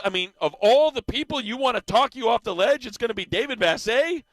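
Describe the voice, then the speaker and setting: A man's voice: extremely high pitch, lively intonation, fairly quick, hardly any pauses, a bit bright, no echo. A man co-hosting a sports radio show, chatting casually and reacting with laughs. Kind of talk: casual sports talk banter.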